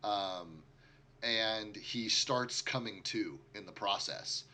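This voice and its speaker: A man serves as game master for a tabletop session, his voice very bright and forward. He laughs easily and tosses off quick asides. Faint noise sits under the recording. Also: fairly low pitch.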